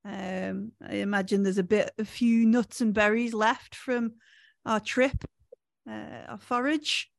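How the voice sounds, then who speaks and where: A woman, narrating a tabletop game as game master, with many pauses and restarts. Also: mid-range voice, steady tone, vocal fry, no echo, studio quality. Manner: hesitant, many fillers and restarts.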